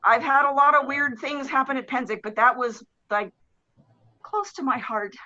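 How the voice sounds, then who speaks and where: A woman guest on a live streamed talk show, telling stories in a lively, casual way and acting out the people in them. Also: sits high, moderate pace. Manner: animated, swears casually, acts out voices. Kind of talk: casual storytelling. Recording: dull lo-fi stream audio.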